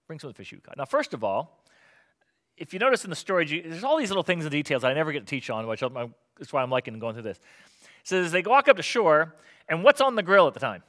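A middle-aged man preaching a sermon as pastor, conversational and animated, asking the congregation rhetorical questions. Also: fairly high pitch, quick pace.

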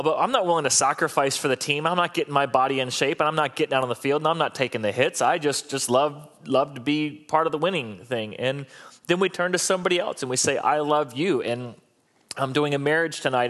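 A man's voice: fairly high pitch, a bit bright. A middle-aged man preaching a sermon as a pastor, talking in a conversational, humorous and repetitive way.

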